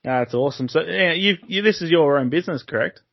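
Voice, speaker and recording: A man's voice: fairly high pitch, fast talker, gravelly, no room sound. A man hosting a podcast, chatting casually and laughing along with his guest. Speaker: podcast host. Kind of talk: casual interview chat. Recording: dry, slightly dull podcast audio.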